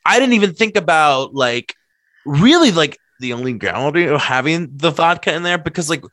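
Rambling man telling stories, lively pitch. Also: normal speed, dry recording. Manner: rambling, packed with "like" fillers; laughs while telling stories. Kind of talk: casual storytelling chat.

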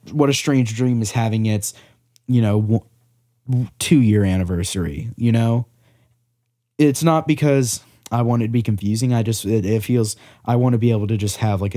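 A man hosts a relaxed podcast, rambling through his thoughts with plenty of fillers and a self-deprecating streak. His voice sits low and mellow. The sound is dry and close, through a studio mic with a pop filter. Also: dry recording. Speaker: podcast host and musician. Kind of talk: casual podcast chat.

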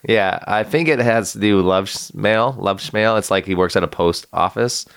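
A young male stand-up comedian guesting on a podcast, trading deadpan, self-deprecating jokes. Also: fairly low pitch, normal speed, vocal fry, clean tone. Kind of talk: casual comedy podcast chat.

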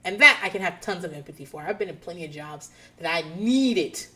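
A woman's voice: lowish voice, brisk, husky. A woman in her thirties hosting a podcast, telling a rambling personal story in casual chat, swearing freely and laughing often. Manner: profane, animated, laughs often. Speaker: podcast host.

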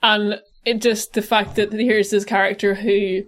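A woman with a softened Irish accent from Cork, co-hosting a casual podcast discussion and rambling animatedly. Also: medium pitch, unhurried. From Cork, Ireland. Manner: animated, rambling, self-interrupting. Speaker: podcast co-host.

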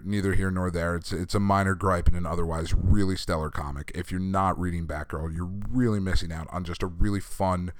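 A man casually reviewing comics on a podcast, his voice hoarse from being sick, talking candidly with swearing and laughs. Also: low voice, no echo. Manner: candid, profane, animated rants with laughter. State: hoarse from recent illness. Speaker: comic book podcast host.

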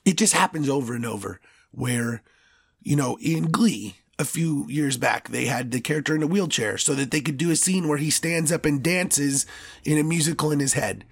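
A man's voice: fairly high pitch, moderate pace, creaky, husky, no echo. Impassioned man ranting on a solo podcast. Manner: impassioned, ranting with stammers and restarts. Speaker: podcast host. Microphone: studio podcast mic.

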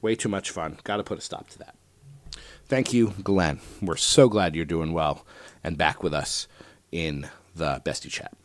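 A man hosting his own podcast, chatting casually and rambling with lots of fillers and restarts. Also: on the low side. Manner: rambling, self-deprecating, many fillers. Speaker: podcast host. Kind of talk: casual solo podcast chat.

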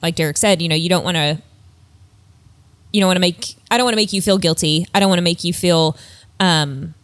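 A woman co-hosting a casual advice chat, speaking in a thoughtful, measured way. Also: on the low side, no echo. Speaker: podcast co-host.

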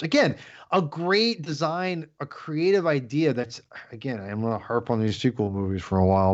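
Male host, casual and animated, lo-fi mic. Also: medium pitch. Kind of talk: casual chat, watch-along commentary.

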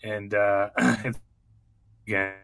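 A man on a podcast, casually pitching joke movie ideas and clearing his throat now and then. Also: steady tone, takes it slowly, fairly bright tone, a little hiss or hum. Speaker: podcast co-host. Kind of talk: casual chat.

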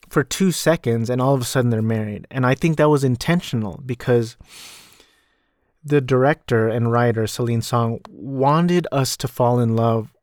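A man's voice: medium pitch, darkish tone, no room sound, clean studio sound. A man hosting a podcast, casually recapping a film in a rambling, self-deprecating way, with frequent restarts. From United States. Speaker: podcast host.

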